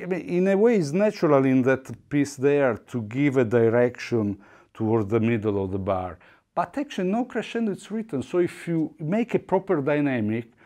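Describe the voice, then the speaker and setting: A man teaching double bass technique in a masterclass, explaining in a halting way with frequent restarts. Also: mellow. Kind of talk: instrument masterclass demonstration. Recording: faint bowed string music behind.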